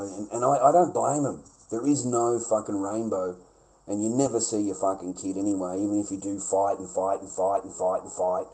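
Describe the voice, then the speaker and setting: A man's voice: on the low side, darkish tone, rough recording. A man ranting on a livestream, blunt, sweary and aggrieved, repeating his points. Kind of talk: casual livestream rant.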